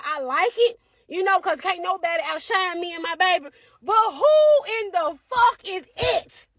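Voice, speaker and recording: A woman, a parent, telling a comedic story in an animated, exasperated and profane way. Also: very high voice, no echo.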